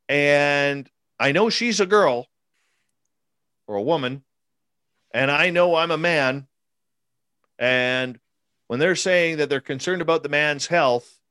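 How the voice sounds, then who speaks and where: A man's voice: medium pitch, fairly bright tone, no room sound. A man in his forties, recounting an encounter as an interviewee, emphatic and repetitive, acting out the quotes. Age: 40s. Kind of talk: animated personal storytelling.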